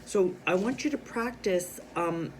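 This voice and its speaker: A man's voice: sits high, unhurried, noisy background. A man teaching a reading lesson to young children, asking them questions and explaining clues. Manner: animated, speaks directly to young learners with questions.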